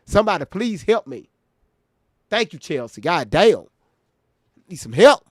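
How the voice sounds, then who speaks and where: A man's voice: sits high, big pitch swings, unhurried, no room sound, studio quality. A man hosting a reaction livestream, talking bluntly and with profanity straight to his viewers in casual chat.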